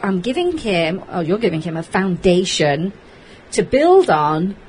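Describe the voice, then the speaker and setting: A woman hosting a casual chat, enthusiastic and animated, agreeing often with her guest. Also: on the low side, a little slow, a little hiss or hum, rough recording. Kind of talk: casual conversation.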